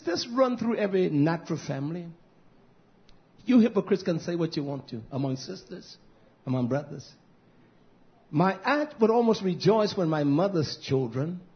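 Scolding high-voiced man preaching. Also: animated, moderate pace. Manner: scolding, swings from low mutters and whispers to loud high outbursts. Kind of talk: fiery street-style sermon. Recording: muffled lo-fi recording.

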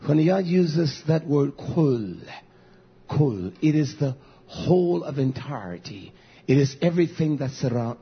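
A man preaching a fiery sermon as pastor, swinging from shouted peaks to low murmured asides, with many "uh" fillers. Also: animated, a little slow, husky, dull audio.

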